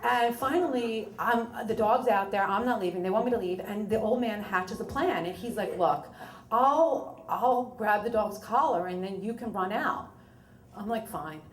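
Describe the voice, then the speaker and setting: At a live storytelling event in a bar or small venue, a woman recounts a true story with a wry, conversational style, often quoting what she said. She speaks at a normal speed with a medium pitch, and the space sounds reverberant.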